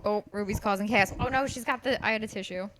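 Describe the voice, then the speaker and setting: A woman's voice: medium pitch, quick pace, noisy background. A young woman hosting a casual podcast chat, talkative and easily amused, often trailing off mid-sentence. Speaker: podcast host.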